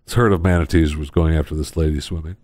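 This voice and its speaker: A man hosting a casual comedy podcast, telling odd news stories in a rambling, deadpan way with lots of pauses. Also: very deep voice, no echo, studio quality. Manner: rambling storyteller, many uh fillers, deadpan. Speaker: podcast host.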